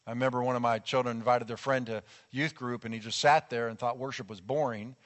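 A male pastor preaching a sermon in a lively, conversational way, acting out quotes as he goes. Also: medium pitch, fast talker. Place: church sanctuary. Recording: long church hall reverb.

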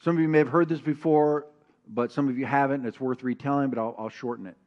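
A man preaching a sermon as pastor, telling a personal story and reading scripture, animated and calling on the congregation to answer back. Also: mid-range voice, fast, highs cut off. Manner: animated, calls for congregation responses.

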